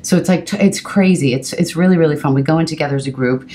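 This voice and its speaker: Fast-talking low-voiced woman. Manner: chatty, animated storytelling with quick asides. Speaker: guest actor. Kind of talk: casual chat.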